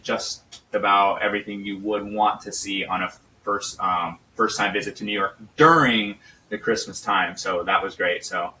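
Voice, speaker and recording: Young man, bright voice, a bit off-mic. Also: lowish voice, moderate pace. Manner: relaxed storytelling with fillers. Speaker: podcast guest. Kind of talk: casual chat. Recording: slightly distant mic with faint noise.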